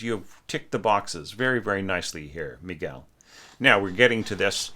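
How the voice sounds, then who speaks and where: A man teaching orchestration critiques a student's score aloud, singing phrases on "da" syllables and frequently asking a rhetorical "right?". His voice is low, expressive and sharp in tone, at a normal speed.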